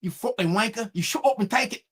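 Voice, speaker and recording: A man's voice: sits high, fast, pitched above the performer's own voice, natural voice. A man putting on a mock London accent as a foul-mouthed Englishman scolding another man. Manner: shouting, profane, scolding.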